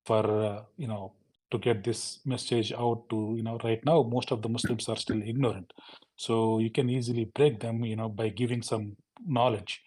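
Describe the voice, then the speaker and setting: A man calling into a live show, talking rapidly and rambling with constant fillers. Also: mid-range voice, a little mellow. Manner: rapid, rambling, full of "you know" fillers. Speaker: caller. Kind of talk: phoned-in conversation.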